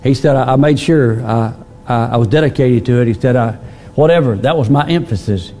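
Male pastor, middle-aged, mellow tone; folksy sermon delivery with restarts and fillers. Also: medium pitch, fairly quick, slight background noise. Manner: plain-spoken, repeats words, many fillers.

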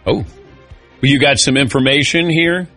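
A man's voice: medium pitch, normal speed, pushed and bright, faint music behind. A middle-aged man hosting a casual sports talk show, joking and calling on his co-hosts by name. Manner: jokey, calls on co-hosts by name. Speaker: radio show host.

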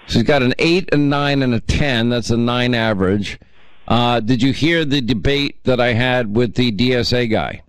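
A man's voice: mid-range voice, normal speed, clean tone, no echo. Man, radio call-in host, chatty, teasing, dry studio sound. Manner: chatty, reminiscing, teasing callers. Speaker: radio talk show host. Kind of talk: casual call-in chat.

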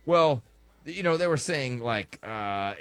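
A man co-hosting a casual podcast chat, animated and joking. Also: mid-range voice, takes it slowly, no room sound. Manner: animated, jokes in an old-timey voice. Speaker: podcast co-host.

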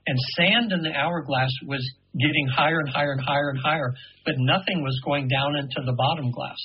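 A man in his seventies, a radio guest telling an earnest, meandering story full of halting restarts. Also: fairly high pitch, husky, lo-fi sound. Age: 70s.

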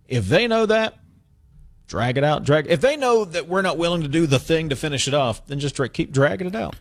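A man's voice: a little high, expressive, brisk, no echo, studio quality. Chatty radio host man. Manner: conversational, self-interrupting. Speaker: radio talk show host. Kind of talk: talk radio chat.

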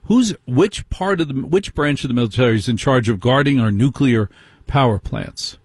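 Husky, indignant middle-aged radio host. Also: male voice, medium pitch, animated, normal speed, a little mellow, dry recording, studio quality. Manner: indignant, fires rhetorical questions. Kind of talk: call-in talk radio monologue.

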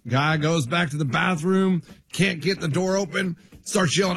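A man with a high-pitched voice, a regular on a radio show, telling a short odd news story. His delivery is casual and matter-of-fact, with a few fillers along the way. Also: moderate pace, gravelly, slightly rough, no room sound.

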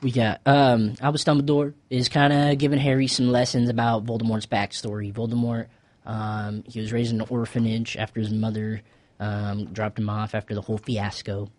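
A man's voice: on the low side, little pitch movement, normal speed, darkish tone, no room sound. A young man hosting a casual podcast, recapping a film in a laid-back, rambling way with lots of fillers and slang. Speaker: podcast host. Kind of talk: casual chat.

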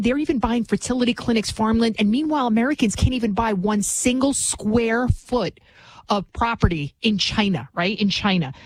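A woman's voice: on the high side, no echo, poor audio. A woman giving an impassioned political monologue as a commentator, emphatic and repetitive, often tagging lines with a rhetorical "right?".

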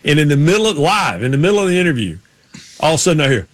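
A man's voice: on the high side, sing-song, racing, dry recording. A middle-aged man, co-hosting a casual sports talk show and telling rambling stories. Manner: rambling storytelling with folksy Southern drawl impressions. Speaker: co-host.

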